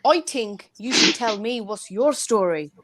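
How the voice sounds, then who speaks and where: A woman's voice: a little high, expressive, a little slow, fairly bright tone. A woman chatting casually as a panelist on a live online talk show, joking and laughing often. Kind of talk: casual chat.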